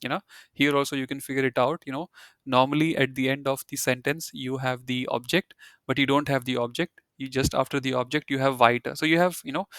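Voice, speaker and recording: A man explains German grammar in a loose, conversational lecture, peppering his talk with "you know" and restarting his sentences. His voice sits at a middling pitch and is recorded close and dry, with no room sound. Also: a bit bright, smooth, dry recording. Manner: explains slowly, reading German example sentences aloud. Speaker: German language teacher.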